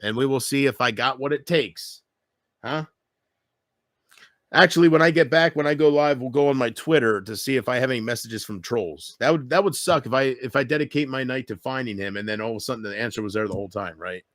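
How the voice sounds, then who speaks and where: A man's voice: brisk, dry recording, studio quality. Taunting, ranting man vlogger. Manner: bitter, taunting, swings from loud outbursts to low mutters. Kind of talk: ranting monologue to camera.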